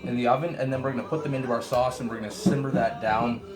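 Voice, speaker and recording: Chatty dad cooking at home, roomy sound. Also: male voice, medium pitch, fairly even intonation, fast, over music. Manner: chatty, joking asides, gently scolding a child. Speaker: home cooking show host. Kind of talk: casual home cooking demonstration. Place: home kitchen.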